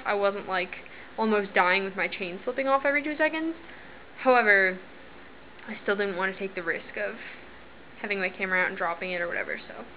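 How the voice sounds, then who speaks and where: A woman's voice: mid-range voice, slight background noise. A young woman vlogging in casual chat, rambling and voicing the people in her stories. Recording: slightly dull lo-fi recording.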